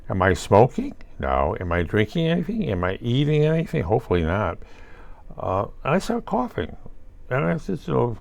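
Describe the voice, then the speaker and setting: A man's voice: mid-range voice, big pitch swings, moderate pace, creaky, a little mellow, highs cut off. An older man rambling through a solo monologue, asking himself questions and answering them with wry asides. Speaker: vlogger.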